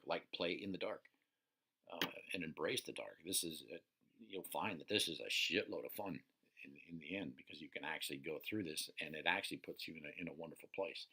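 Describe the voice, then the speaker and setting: A man's voice: sits low, moderate pace, pushed and bright. A man coaching listeners in a casual, unscripted teaching talk, profane and checking in with "right?" often. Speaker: personal development coach.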